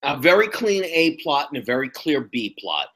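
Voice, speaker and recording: A man in his sixties co-hosting a podcast in casual chat, musing and opinionated with drawn-out phrasing. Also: fairly high pitch, big pitch swings, fairly bright tone. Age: 60s. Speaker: podcast co-host.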